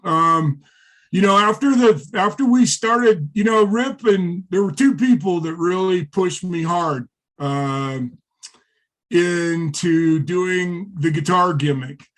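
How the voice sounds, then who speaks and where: A middle-aged former wrestler, a guest in an interview, telling stories in a rambling, profane way with many fillers. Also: male voice, sits high, takes it slowly, a bit bright. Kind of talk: casual interview storytelling.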